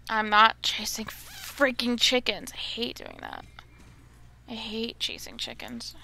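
A woman's voice: fairly high pitch, very animated, slow, gravelly, bright, forceful tone, slight background noise. A young woman chatting casually while playing a game at home, grumbling and easily exasperated. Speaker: gamer. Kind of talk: casual gameplay commentary.

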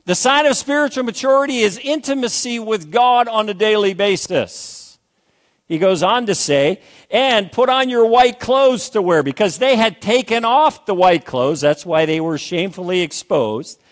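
A man's voice: sits high, animated, normal speed. An older man preaching a sermon as pastor, emphatic, repeating phrases and calling for amens.

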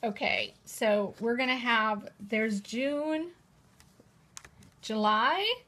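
A chatty woman hosts a casual live-stream showcase from her table, gushing over each item. Her voice sits a little high, and she speaks toward a camera propped in a holder. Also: drawn-out words, sharp tone. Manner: gushing, chatty, repeats "how cute is that". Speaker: host presenting new planners. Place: indoors at a table at home.

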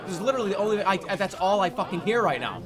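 A man's voice: high-pitched, sing-song, very fast, crowd noise. A man in his thirties streaming a game, joking sarcastically with frustrated outbursts. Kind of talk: let's play commentary.

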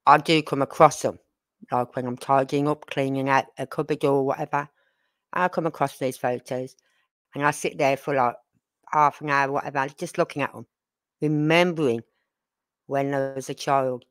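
A woman's voice: very deep voice, steady tone, normal speed, no room sound. Older woman chatting in a dry voice. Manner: rambling, talks straight to viewers with tag questions. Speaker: livestream host. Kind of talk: casual live-stream chat.

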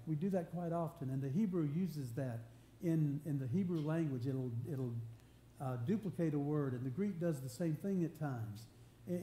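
In a church sanctuary, a man speaks in a warm voice that sits on the high side. He is a pastor giving an earnest, conversational sermon, frequently starting over and layering on emphasis. It was captured on a roomy live stream with a faint hum in the background.

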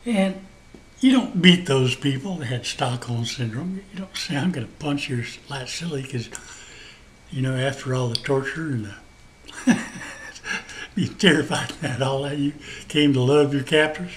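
A man's voice: medium pitch, lively intonation, unhurried, pauses often, a little hiss or hum, poor audio. A man hosting a show, delivering a rambling, profane monologue rant with emphatic repetition. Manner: profane, emphatic, laughs at his own points. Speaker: host.

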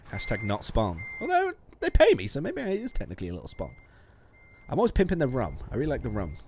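A chatty man talks through a driving game, swearing and laughing at himself. His pitch swings widely, jumping high when he gets flustered, and there is faint noise behind him. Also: huge pitch swings, brisk, darkish tone. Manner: chatty, swearing, self-mocking, laughs often. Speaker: streamer. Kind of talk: casual gameplay commentary.

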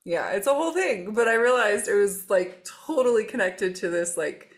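A woman's voice: medium pitch, animated, normal speed. A woman co-hosting, making playful joking asides. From United States. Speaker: co-host.

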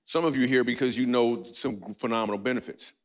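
A man's voice: steady tone, brisk. A man doing a stand-up comedy set on a church stage, riffing playfully with a live audience. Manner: playful, riffing with the audience, breaks into squeaky and goofy voices.

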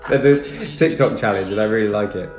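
In an echoey room with music behind him, a young man chats casually on his live stream, thanking viewers and replying to comments. His voice is on the low side at normal speed, and the audio sounds dull.

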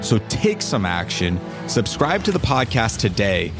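A man's voice: on the low side, big pitch swings, a little slow, gravelly, music in the background. A young man hosting a podcast, talking in an enthusiastic, encouraging way. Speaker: podcast host. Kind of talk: interview and scripted outro.

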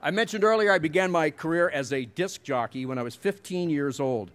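A man's voice: a little high, a little fast. A middle-aged man giving a commencement speech, telling wry, self-deprecating stories at a podium mic. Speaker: commencement speaker.

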